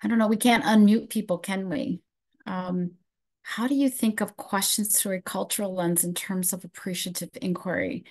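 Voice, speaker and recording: A middle-aged woman hosting a live online webinar, reading questions from the chat and answering them in a loose, conversational way. Her voice sits at an average pitch for a woman. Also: steady tone, normal speed, a little mellow. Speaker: webinar presenter.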